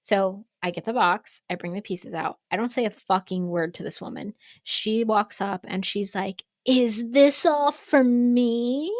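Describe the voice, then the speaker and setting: A woman co-hosting a podcast, telling a story in an animated, casual way and swearing freely. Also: medium pitch, normal speed, few pauses, no echo. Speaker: pottery studio co-owner and podcast host.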